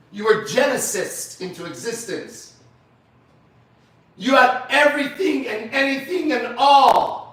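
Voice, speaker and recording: Man, preacher, high voice, slow, emphatic, blunt, very echoey room, distant mic. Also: a bit bright. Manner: emphatic, blunt, repeats phrases for stress. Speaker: preacher leading a men's group. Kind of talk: sermon-style teaching.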